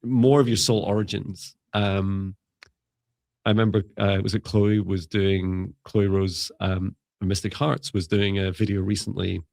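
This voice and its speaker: A man with a low, gravelly voice chats on a live stream, rambling and musing and breaking into laughter. The sound is dry and close, with no room echo. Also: flat delivery, unhurried, a little mellow. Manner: rambling, musing, laughs often, self-correcting. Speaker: psychic mentor and live show co-host. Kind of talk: casual live-stream chat.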